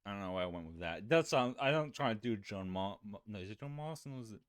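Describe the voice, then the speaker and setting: A man chatting casually on a live stream, rambling and swearing, growing animated when he rants. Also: lowish voice, fast talker, smooth, no room sound, clean studio sound.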